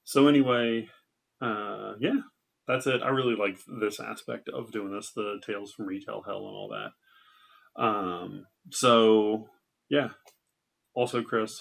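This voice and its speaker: A man's voice: lowish voice, creaky. A man doing a stand-up set, telling a loose, rambling retail story full of fillers. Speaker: stand-up comedian.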